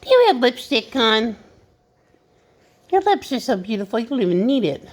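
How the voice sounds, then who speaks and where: A woman's voice: on the high side, very animated, moderate pace. A grandmother talking baby talk to her toddler grandchild in a playful, coaxing, sing-song way.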